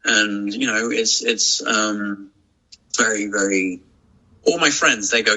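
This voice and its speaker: A man's voice: fairly low pitch, a little slow, sharp tone, rough recording. A man, a podcast guest talking casually and reflectively, with many restarts and fillers. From England. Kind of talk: casual chat.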